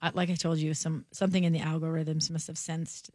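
A woman speaking through a cold, her voice hoarse and strained. She talks casually as a guest, stopping and restarting her thoughts. The sound is close and dry, with no room in it. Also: sits low, little pitch movement, darkish tone, dry recording. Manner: halting, restarts often. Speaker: guest sports writer. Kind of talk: casual chat.

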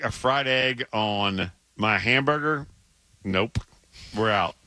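A man's voice: mid-range voice, no room sound. Emphatic Southern-accented middle-aged man. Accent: Southern American. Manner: emphatic, animated, stammers and restarts. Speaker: sports radio co-host. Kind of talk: casual sports radio banter.

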